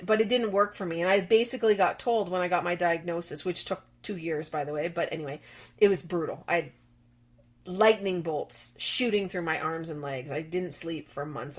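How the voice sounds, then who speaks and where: Animated middle-aged woman telling stories. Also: on the low side, brisk. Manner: animated storyteller, acts out quoted dialogue. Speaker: guest. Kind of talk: conversational interview.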